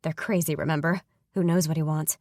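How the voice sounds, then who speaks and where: A woman's voice: deep voice, fairly even intonation, brisk, a little mellow, dry recording, studio quality. A woman voicing an impatient, protective older sister who talks in a brusque, irritated way in an audiobook. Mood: annoyed. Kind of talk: audiobook character voice.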